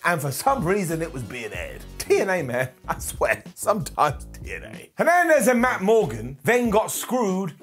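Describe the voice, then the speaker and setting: A man delivers a jokey retro wrestling review in a raised, lively voice that swings up and down. He is sarcastic and animated and laughs at his own gags. Faint music plays under him. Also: high voice, moderate pace, few pauses. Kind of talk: comedic retro review commentary.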